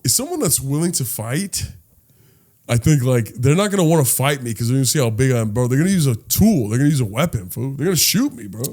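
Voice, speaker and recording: Animated slangy young man, lively pitch. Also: fast. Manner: animated, slangy, swears a lot, excitable jumps into high pitch. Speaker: podcast co-host. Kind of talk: casual comedic chat.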